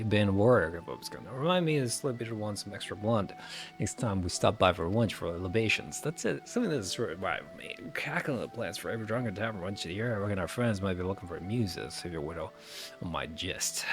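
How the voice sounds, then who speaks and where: Man putting on a gruff pirate rogue boss, slang-heavy drawl, slightly low, for a game reading. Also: expressive, fairly quick, soft background music. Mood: urgent. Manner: thick thieves' slang, drawling. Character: gruff male pirate guild leader, cocky.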